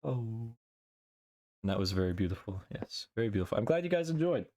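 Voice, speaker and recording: A young male streamer with a fairly low voice, chatting loosely with his viewers between games. He slips into a dramatic reading voice when reciting poetry and stories. His talk is playful and relaxed. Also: brisk. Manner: dramatic recitation, then playful chat with silly noises. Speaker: VTuber streamer.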